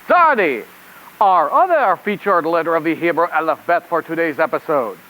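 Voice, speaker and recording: A man's voice: a little high, animated, normal speed, pushed and bright, rough recording. A man voicing a chirpy male rabbit reporter puppet in a children's puppet show, with a silly put-on French accent. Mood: cheery.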